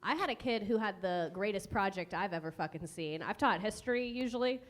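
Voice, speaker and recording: A woman comedian and history teacher telling a story live on stage, lively and laughing as she acts out the people in it. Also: medium pitch, a little fast.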